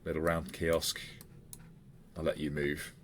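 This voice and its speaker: A man running a tabletop game as game master, narrating in a halting way with frequent fillers. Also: a bass voice, completely flat delivery, fairly bright tone, a little hiss or hum. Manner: halting, with many fillers and restarts.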